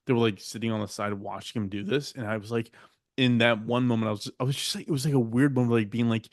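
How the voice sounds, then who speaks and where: Man co-host, relaxed anecdote style, mid voice, dry close mic. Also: mid-range voice, fast talker, no echo. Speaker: podcast co-host. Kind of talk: casual chat.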